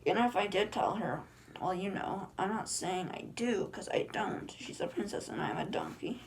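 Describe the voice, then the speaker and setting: Woman reading as chatty talking donkey; quick flat script read, mid pitch. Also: creaky, slight background noise. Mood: plain reading. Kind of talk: reading a film script aloud.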